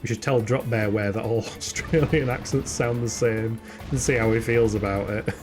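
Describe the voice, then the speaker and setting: Chatty Yorkshire man streaming a game. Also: mid-range voice. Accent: Yorkshire English. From England. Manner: chatty, laughs often, swears, answers chat aloud. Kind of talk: casual live-stream chat while gaming.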